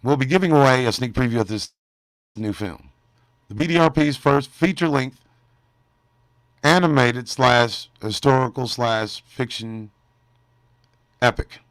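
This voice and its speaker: A man hosting a casual livestream at a middle pitch, joking with and teasing the chat. He often drops into quiet mumbles between louder bursts. The sound is dry and close, with no room echo. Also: unhurried, pauses often. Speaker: livestream host.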